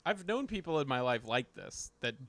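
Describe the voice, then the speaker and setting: A man with a bright, ringing voice co-hosting a podcast in casual chat. His pitch swings widely as he reacts quickly and teases. The recording is dry and close. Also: big pitch swings, dry recording. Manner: quick reactions, teasing asides. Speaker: podcast co-host.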